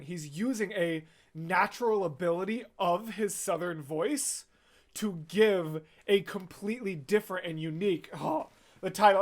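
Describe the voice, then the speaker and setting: Gushing male music reactor. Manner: gushing, talkative, breaks into sung snippets and falsetto. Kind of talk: excited musical reaction and analysis.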